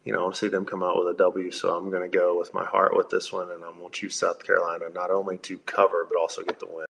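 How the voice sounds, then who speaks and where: Deep gravelly-voiced former player. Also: male voice, low-quality recording. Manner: relaxed, halting, repeats words. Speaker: podcast guest, former college football player. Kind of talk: casual sports chat.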